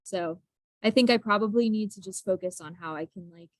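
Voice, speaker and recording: A young woman teacher speaks openly and with self-deprecating humor, often breaking into a laugh. Her voice sits at an ordinary middle pitch. The recording is close and dry, with no room echo. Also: brisk. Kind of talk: casual group discussion.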